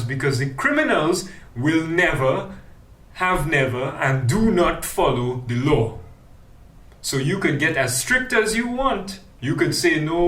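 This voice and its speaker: A man's voice: fairly high pitch, fairly bright tone. A man with a Trinidadian accent giving an impassioned forum speech, fiery and full of rhetorical questions. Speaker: forum speaker for a grassroots news team. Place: public forum hall. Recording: echoey room, mic at a distance.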